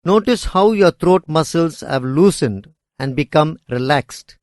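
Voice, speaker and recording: Slow, measured male lesson narrator. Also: a little high, expressive, dry recording, clean studio sound. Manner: measured, deliberate reading. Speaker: instructor reading course material. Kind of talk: scripted educational narration.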